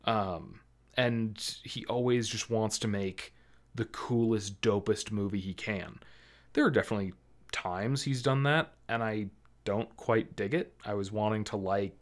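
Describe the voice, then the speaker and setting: A man's voice: lowish voice, measured pace. A man co-hosting a movie review chat, talking casually with lots of fillers and restarts. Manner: rambling, filler-heavy, many likes and ums. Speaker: movie review podcast co-host.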